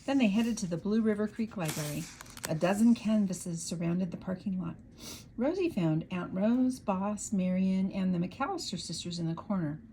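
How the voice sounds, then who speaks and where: A woman narrating a children's storybook aloud in a lively, expressive way. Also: medium pitch, normal speed, a little hiss or hum, rough recording.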